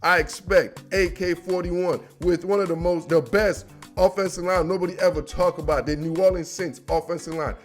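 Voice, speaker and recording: Slangy high-voiced man making sports picks. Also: normal speed, faint music behind. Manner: slangy, animated, riffs with bro and man. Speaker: sports predictions host. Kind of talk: casual monologue.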